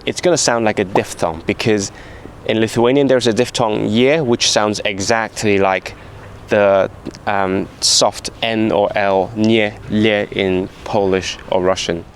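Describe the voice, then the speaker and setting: A man vlogging about learning a language, explaining pronunciation and slowly sounding out syllables. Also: fairly low pitch, fairly even intonation, a little hiss or hum. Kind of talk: casual vlog commentary. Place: outdoors in a city.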